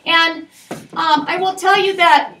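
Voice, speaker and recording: A woman in her forties leads a parenting class in a classroom. Her voice is high and bright. She talks in a lively, chatty way and tells stories full of fillers and asides. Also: takes it slowly, distant mic, a little hiss or hum. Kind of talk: leading a class discussion.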